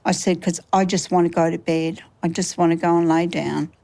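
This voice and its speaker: A woman's voice: fairly low pitch, flat delivery, vocal fry, warm tone, low-quality recording. Woman in her sixties, retelling. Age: 60s. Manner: halting, reliving events, quoting others. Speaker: interviewee. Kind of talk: recounting a personal ordeal in an interview.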